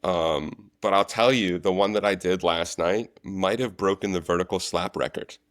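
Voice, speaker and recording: Deep-voiced man, chatty storyteller. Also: normal speed, no room sound, studio quality. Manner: animated storyteller, relaxed and chatty. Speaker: guest, actor and stunt coordinator. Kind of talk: casual interview chat.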